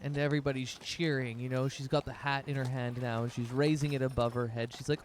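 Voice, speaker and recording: A man's voice: medium pitch, fairly even intonation, fairly quick, hardly any pauses. A man narrating as game master of a tabletop game, rambling loosely with many fillers.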